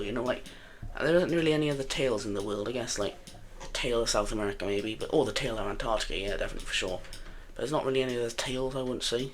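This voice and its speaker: With slight background noise behind him, a young man in a medium-pitched, somewhat bright voice casually narrates an alternate-history map game. He's rambling and jokey, frequently stopping to correct himself partway through sentences.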